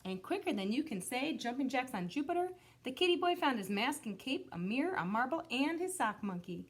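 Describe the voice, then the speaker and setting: A woman teacher reading a picture book aloud to children, expressive, pausing to explain words. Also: high voice.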